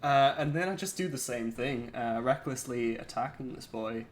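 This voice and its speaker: A man's voice: medium pitch, moderate pace, a little hiss or hum. A man talking casually as a player in a tabletop game, hesitant, with many fillers and laughs.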